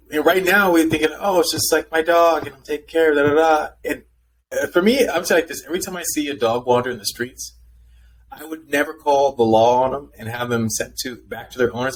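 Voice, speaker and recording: A man co-hosting a podcast in casual chat, telling stories and jumping into high, excited voices when he quotes people. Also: low-quality recording. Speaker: podcast co-host.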